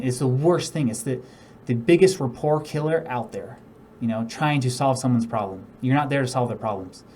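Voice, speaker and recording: A man's voice: medium pitch, darkish tone, slight background noise. A man teaching real estate negotiation in a casual, instructional way, often acting out example speakers. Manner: casual, demonstrates tones and acts out example speakers. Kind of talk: instructional talk.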